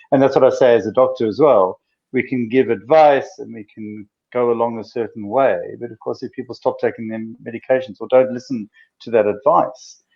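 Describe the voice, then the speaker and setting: A man's voice: medium pitch, highs cut off. A man, a doctor, chatting on a casual video podcast from a room in a mountain house, telling stories with earnest animation. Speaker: doctor and co-host.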